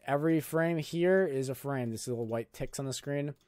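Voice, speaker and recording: A man's voice: medium pitch, moderate pace, a little mellow, no room sound. Young guy explaining video editing, chill and rambly, lots of "like", dry close mic. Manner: rambling, filler-heavy, loose and jokey. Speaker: YouTube tutorial host. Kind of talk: casual screen-recorded editing tutorial.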